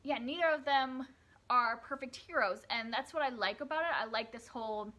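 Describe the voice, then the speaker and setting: Speaking at a normal speed in a fairly high, sharp voice, a young book reviewer chats casually about books she's finished. She restarts often and leans heavily on fillers and self-corrections.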